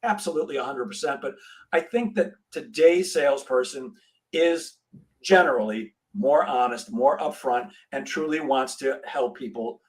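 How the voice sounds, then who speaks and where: A man's voice: medium pitch, moderate pace, low-quality recording. A middle-aged man, a sales trainer and guest, telling a story in a podcast interview and acting out the dialogue. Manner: animated storyteller, acts out dialogue.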